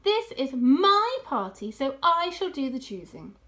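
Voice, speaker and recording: Woman doing a boastful dad fox, bouncy high lines, savoring every word. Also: very animated, measured pace, sharp tone, exaggerated voice. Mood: gleeful. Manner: grand, relish-filled, commanding. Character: proud, showy adult male fox, head of family.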